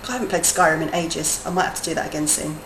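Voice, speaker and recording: A woman who teaches adults, chatting casually on a game live stream, talking in a chatty way, laughing often and drifting from soft to lively. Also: low voice, quick pace. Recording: roomy echo, faint background noise.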